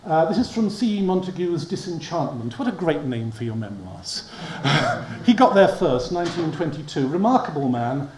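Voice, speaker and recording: A man's voice: on the high side, sing-song, moderate pace, darkish tone. A man giving a history lecture to an audience, wry and prone to chuckling at his own asides. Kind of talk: public lecture. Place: lecture hall. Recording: echoey hall with faint hum.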